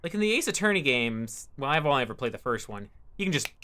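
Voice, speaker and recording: A woman's voice: a bass voice, sing-song, fast talker, sharp tone. Chatty woman streaming a game. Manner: chatty, muttering asides. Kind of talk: casual game commentary, reading text aloud.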